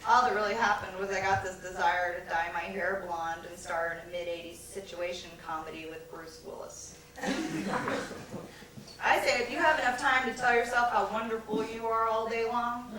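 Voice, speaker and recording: A woman's voice: medium pitch, moderate pace, background noise, lightly acted. A woman performing a bitter, neurotic grown daughter in a one-woman stage musical, singing and delivering a self-mocking comic monologue. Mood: sardonic. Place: theater stage. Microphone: distant stage recording. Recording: echoey live theater recording from far off.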